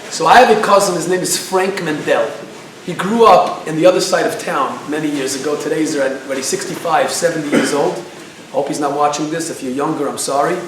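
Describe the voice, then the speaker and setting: A man giving a class, telling a story in an animated way and asking his audience questions. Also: a little high, a little fast, slight background noise. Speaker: lecturer. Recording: very echoey room, speaker far from the mic.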